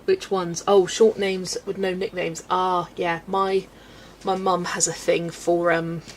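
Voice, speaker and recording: A woman's voice: on the low side, flat delivery, slow, slight background noise, low-quality recording. A young woman chatting casually on a colouring livestream, answering chat and laughing often. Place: home room.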